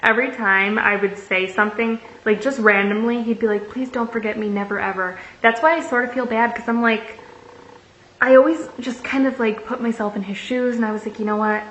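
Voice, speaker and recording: A woman's voice: on the high side, fairly even intonation, brisk, a bit bright. A young woman in a casual storytelling vlog, reading out messages with sarcastic asides. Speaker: vlogger. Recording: echoey room, dull lo-fi sound, faint hiss.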